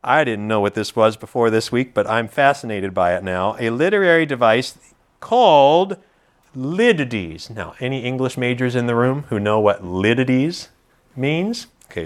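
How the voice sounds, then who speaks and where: A man preaching an expository sermon to a congregation, teacherly and animated, joking with the room. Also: mid-range voice, normal speed.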